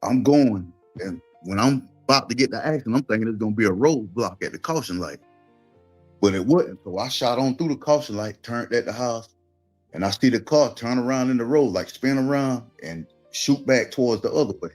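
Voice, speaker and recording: A guest with a Southern Georgia accent tells a personal story in a relaxed, casual way, acting out what other people said in their voices. His voice is mid-range and a little fast, with faint music playing behind him.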